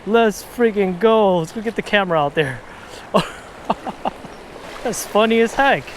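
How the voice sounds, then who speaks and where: An excitable man fishing at a river, talking to his viewers and a little out of breath, recorded outdoors on an action camera. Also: sits high, slow pace, a little hiss or hum. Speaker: fishing vlogger. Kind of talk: casual fishing vlog.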